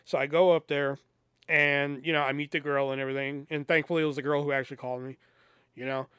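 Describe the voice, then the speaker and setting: A man with a fairly high, smooth and resonant voice tells a rambling story in a casual, profane way, playing every part in the conversations. The sound is dry and close. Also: fast, no echo. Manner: animated, profane, acts out both sides of conversations. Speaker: podcast host.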